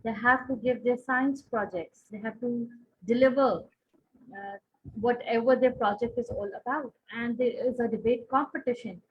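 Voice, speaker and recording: A woman's voice: on the high side, steady tone, normal speed, lo-fi sound, slight background noise. A woman from Pakistan speaking as a panelist in a conference discussion, earnest and winding, often restarting her sentences.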